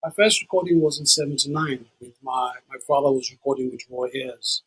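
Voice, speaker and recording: A Nigerian musician in his sixties, appearing as a guest in a storytelling interview, speaks in a strongly husky, grainy voice at an ordinary middle pitch. He talks fairly quickly and animatedly, acting out the voices of people he quotes, over poor audio.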